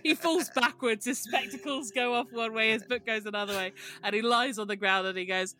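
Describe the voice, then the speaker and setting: A woman narrating a tabletop role-playing game as game master, in a relaxed way with many pauses. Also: a little high, music in the background. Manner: relaxed, filler-heavy narration.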